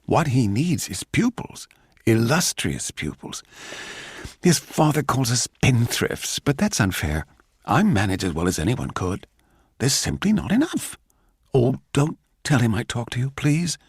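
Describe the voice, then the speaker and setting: A man voicing a saucy, quick-tempered young wife with a brash, cheeky manner. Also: huge pitch swings, slightly rough, no room sound, studio quality, heavily acted. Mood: pleading. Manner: brash, cheeky, shrill when angry.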